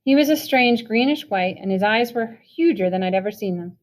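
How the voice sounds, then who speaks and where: A woman reading a novel chapter aloud. She narrates evenly, in a storytelling manner. Her voice sits at a middling pitch. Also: lively intonation, a little fast. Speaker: reader.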